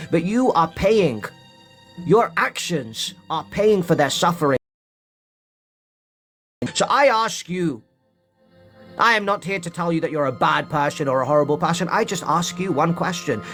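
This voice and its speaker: A man's voice: a little high, fairly bright tone. A man live-streaming from home, urging his viewers in a preachy way and repeating points for emphasis. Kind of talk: impassioned live-stream monologue.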